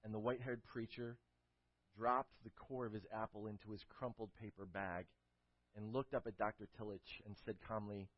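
A man preaching a sermon, telling a story with emphatic build-ups and closing in a quiet prayer, on a dull lo-fi recording. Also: fairly low pitch, little pitch movement, normal speed, dry recording. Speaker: pastor.

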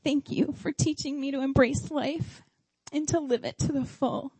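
A woman's voice: sits high, fairly even intonation, normal speed, dark tone, no echo, low-quality recording. A middle-aged woman giving a heartfelt sermon at a church service. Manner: heartfelt, tearful at times.

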